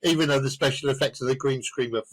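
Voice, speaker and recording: A man's voice: mid-range voice, quick pace, a little hiss or hum, rough recording. A man reviewing a film on a podcast, wry and dryly sarcastic as he gives his verdict. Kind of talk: casual film review chat.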